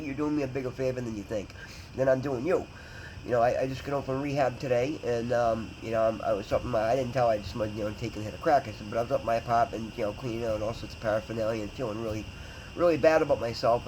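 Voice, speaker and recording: Fast-talking earnest man telling a story. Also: medium pitch, a little mellow, a little hiss or hum. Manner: rambling, earnest, many fillers and restarts. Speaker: vlogger in recovery. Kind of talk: casual personal storytelling.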